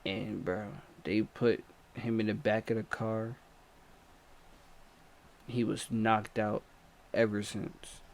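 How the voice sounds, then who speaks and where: In a casual storytime vlog, a young man tells a story in an animated, slangy way, swinging between low mutters and excited outbursts. A little hiss or hum can be heard.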